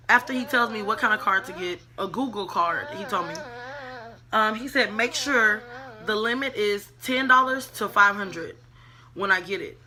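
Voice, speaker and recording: A woman vlogger telling a casual storytime, animated and chatty, talking straight to her viewers and dropping to whispers when she quotes herself. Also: mid-range voice. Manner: profane, chatty, addresses viewers as y'all.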